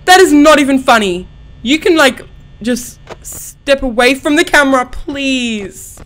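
A woman's voice: sits high, lively intonation, a little slow, fairly bright tone. A young woman hosting a horror game let's-play, panicky and gasping, swearing under her breath. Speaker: gaming channel host.

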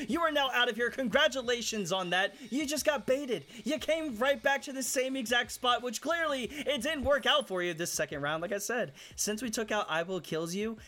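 A man commenting on his own video game match, swinging between low muttering and loud shouts at the other players. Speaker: gaming YouTuber hosting hide and seek. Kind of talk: excited gameplay commentary.

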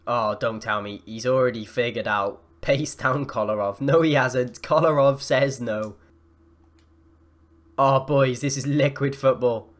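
A young man giving excitable live commentary over his own football video game matches, gasping and shouting at the plays. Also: mid-range voice, unhurried. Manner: excitable, yells and gasps at plays. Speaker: gaming YouTuber.

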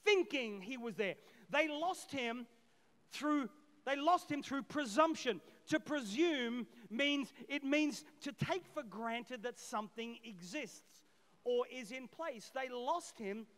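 A middle-aged man preaching a lively sermon as pastor, swinging between loud shouted peaks and quiet asides, acting out voices from the story. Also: extremely high pitch, takes it slowly. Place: church auditorium. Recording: long hall reverb.

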